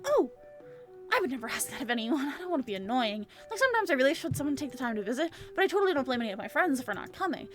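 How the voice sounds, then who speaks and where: A woman's voice: sits high, big pitch swings, very fast, faint music behind. A woman voicing a gushing, buzzy male troll. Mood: apologetic. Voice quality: buzzy accent. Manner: over-apologetic, gushing, then sulky. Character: eager lonely male troll, round, anxious to please. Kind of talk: reading visual novel dialogue aloud.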